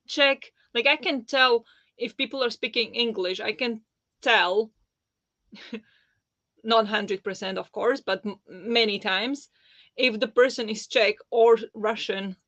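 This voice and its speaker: A woman's voice: on the high side, slow pace, pauses often, fairly bright tone, no room sound, lo-fi sound. A woman hosting a live book club discussion, casual, blunt and sarcastic, laughing often. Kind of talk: casual live-stream chat.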